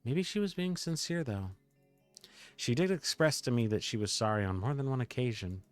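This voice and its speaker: A man's voice: medium pitch, lively intonation, normal speed, no room sound, soft background music, close to an everyday voice. A man reading the lines of a fond young woman friend in a game, in an amused, reminiscing way. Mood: gentle. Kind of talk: game dialogue read aloud by a streamer.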